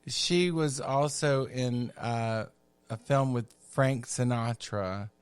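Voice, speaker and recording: Slow, campy middle-aged male storyteller. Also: mid-range voice, clean tone, no room sound. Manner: campy, chatty, unhurried asides. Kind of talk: casual storytelling.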